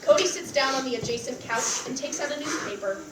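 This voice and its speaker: A woman's voice: high voice, lively intonation, fairly quick. A young woman reading stage directions aloud in a theater. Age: young adult. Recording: echoey theater from far off, faint noise.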